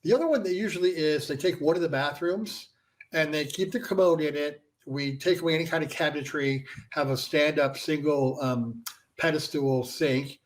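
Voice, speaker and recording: Higher-voiced man explaining business casually. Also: moderate pace. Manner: conversational, filler-heavy with frequent "you know". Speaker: care-home franchise founder, guest.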